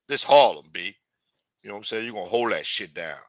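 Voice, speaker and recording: A man's voice: on the low side, expressive, fast talker, no room sound, close to an everyday voice. A man playing a threatening, profane street hustler in improvised comic role-play. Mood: menacing. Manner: profane, taunting, streetwise swagger. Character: menacing male street hustler, adult, threatening.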